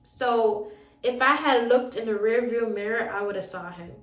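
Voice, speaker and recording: A woman's voice: fairly high pitch, normal speed. A woman telling a personal story in a casual vlog, acting out the dialogue as she goes. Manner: animated retelling, acting out the dialogue. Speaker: storyteller and relationship coach. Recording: roomy sound, voice from a distance from the mic.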